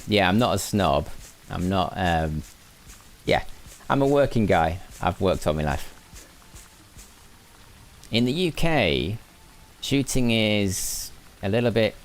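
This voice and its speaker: A middle-aged man with a northern English accent, its edges softened into a mixed blend, talks through a game as he plays. His voice sits deep and low, and he muses aloud, answering viewers between moves. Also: a little hiss or hum. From Lancashire, England. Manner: musing aloud, chatting with viewers while playing. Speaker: gaming streamer. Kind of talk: live gameplay commentary.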